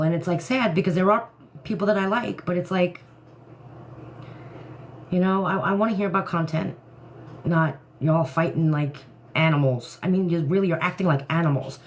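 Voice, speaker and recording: A woman hosting a casual live stream, ranting in an animated way and laughing often. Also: lowish voice, a little fast, a little hiss or hum.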